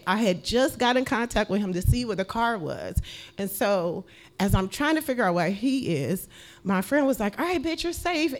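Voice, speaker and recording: Woman from the us telling a wild story, animated, cussing, laughing along, normal pitch. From United States. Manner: animated, swears freely, laughs while telling. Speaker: podcast guest. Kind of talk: casual storytelling.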